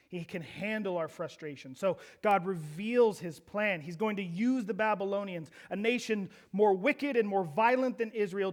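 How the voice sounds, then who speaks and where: A man preaching a sermon as pastor, asking the congregation rhetorical questions and acting out quoted prayers with rising intensity. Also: high voice.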